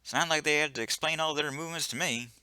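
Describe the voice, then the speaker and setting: A man's voice: on the high side, quick pace, bright, forceful tone, clean tone, no room sound. A man voicing a laid-back, dismissive male ship engineer in a video game who brushes off every worry. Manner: breezy, brushes off worries.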